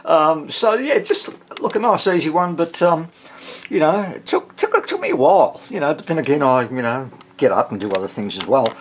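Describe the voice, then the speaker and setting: A man's voice: a little high, creaky, a little hiss or hum. A man chatting casually in his workshop, rambling with many fillers. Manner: rambling, relaxed, lots of fillers. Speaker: radio restorer.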